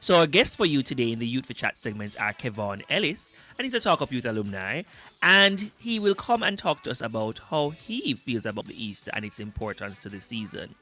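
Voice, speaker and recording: A young man hosting a youth radio show, energetic and upbeat, greeting listeners. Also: mid-range voice, fairly quick. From Jamaica. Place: radio studio.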